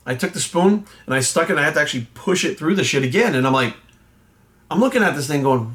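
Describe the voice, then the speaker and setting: A fitness coach ranting bluntly and indignantly, swearing nonstop in casual talk. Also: male voice, fairly high pitch, expressive, fast, a bit bright. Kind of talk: profanity-laced casual rant.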